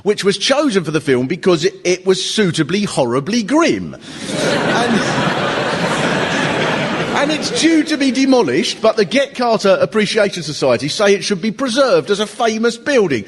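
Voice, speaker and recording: Animated male stand-up comic in an echoey hall. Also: high voice, normal speed, very noisy. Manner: chatty, animated observational storytelling. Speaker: stand-up comedian and host. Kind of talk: live stand-up comedy. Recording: reverberant live hall.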